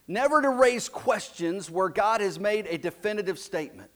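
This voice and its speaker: A man preaching a sermon as pastor, slow and emphatic, dropping his voice low and soft for key lines. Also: expressive. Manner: slow, emphatic preaching with dramatic drops to a hush.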